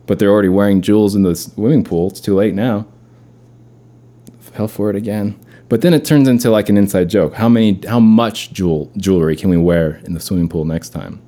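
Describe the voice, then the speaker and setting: A man's voice: sits low, brisk, mellow. A man hosting a podcast, casually rambling through a funny story with chuckles. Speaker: podcast host.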